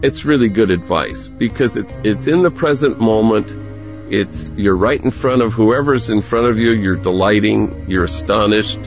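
A man's voice: on the low side, normal speed, lo-fi sound, faint music behind. An older man, a priest, telling stories in a reflective radio interview. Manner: animated storyteller, gravelly voice.

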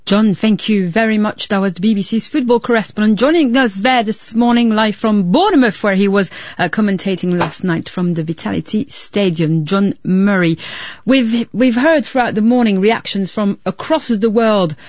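A woman presenting live news, linking between reports in a smooth, conversational way. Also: mid-range voice, moderate pace, a little mellow, no echo, muffled recording.

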